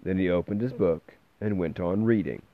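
A man narrating a story aloud in a steady storybook reading style, recorded with a dull, dry sound. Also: low-pitched, normal speed, no room sound. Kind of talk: scripted narration.

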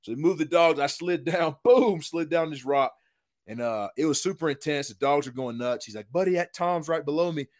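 With a voice a little on the high side, a retired lineman from football describes a hunt at a moderate pace. He keeps it casual and animated, leaning on slang like "dude" and "man."

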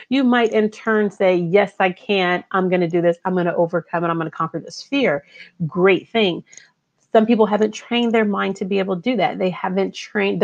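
A woman's voice: medium pitch, gravelly, a little mellow. A woman life coach giving an earnest, conversational motivational talk who acts out her inner voice now and then. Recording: dull lo-fi recording.

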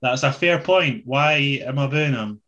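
Slow-talking bright-voiced man. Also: medium pitch, highs cut off. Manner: laid-back, swears and laughs often. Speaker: podcast co-host. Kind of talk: casual wrestling recap chat.

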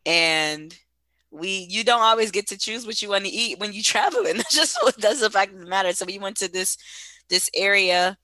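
Chatty woman with a bright voice. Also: medium pitch, expressive, moderate pace, dry recording. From West Africa. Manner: chatty, laughs often, addresses listeners as y'all. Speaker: guest. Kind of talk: casual conversation.

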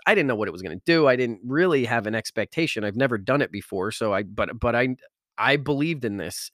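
A man's voice: mid-range voice, fairly bright tone, no room sound, clean studio sound. A man, an author and speaker, telling his story with feeling, often stumbling over repeated words and laughing. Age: adult, father of school-age kids. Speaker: self-help author and speaker. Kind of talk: emotional personal storytelling.

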